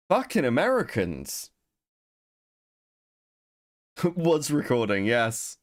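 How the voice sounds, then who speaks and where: A man's voice: on the high side, huge pitch swings, measured pace, pauses often, no echo, clean studio sound. A young man chatting casually on a livestream, joking and swearing as he reads chat. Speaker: streamer co-host.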